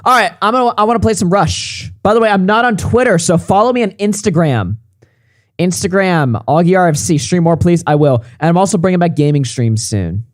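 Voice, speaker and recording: A man's voice: sits high, animated, fairly quick, no room sound. A male livestream host, tired and close to a morning voice, signing off in rambling, profane casual chat.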